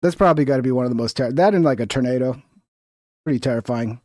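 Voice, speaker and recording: A man's voice: mid-range voice, quick pace, a little mellow, no room sound, clean studio sound. A young American man hosting a live stream, reacting to news in a casual, rambling way with lots of slang and swearing. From United States.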